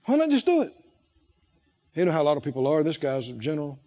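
A man's voice: fairly high pitch, huge pitch swings, quick pace, highs cut off. A man preaching a sermon, telling stories dramatically and acting out the voices of the people in them. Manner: dramatic storytelling, acting out voices, shouting peaks.

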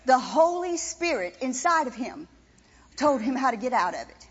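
A woman's voice: high-pitched, big pitch swings, normal speed, husky. A woman preaching a sermon with impassioned, emphatic repetition. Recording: dull sound with long reverb in a hall.

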